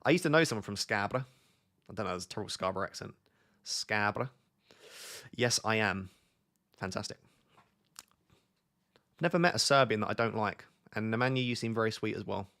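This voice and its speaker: A young British man hosts a relaxed live stream and talks easily with his chat. His voice sits on the low side and has a gravelly, fry-laden texture. He keeps a loose, conversational flow as he answers viewers. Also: rapid-fire, hardly any pauses. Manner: chatty, reads chat questions aloud. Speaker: streamer host.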